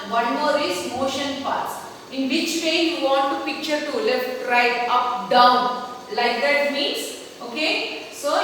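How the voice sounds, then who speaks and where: A woman's voice: high-pitched, bright, forceful tone. A woman teacher with an Indian English accent, giving a computer lesson to children and checking in with them constantly. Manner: addresses pupils as children, repeats okay and see. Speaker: schoolteacher. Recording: echoey room, far from the mic, faint noise.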